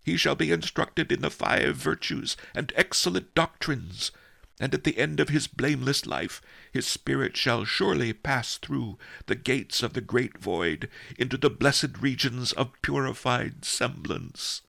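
A man's voice: medium pitch, measured pace, gravelly, sharp tone, no echo, pitched above the performer's own voice, heavily acted. A man reading an audiobook, voicing a pious elderly male abbot who speaks formally through tears. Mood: solemn tearful. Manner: solemn, formal blessing speech. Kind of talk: audiobook character voice.

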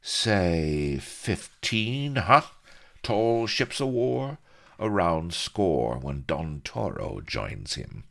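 A man's voice: low-pitched, very animated, drawn-out words, gravelly, fairly bright tone, pitched above the performer's own voice, exaggerated voice. A man voicing a scornful, suspicious old pirate who snarls his words.

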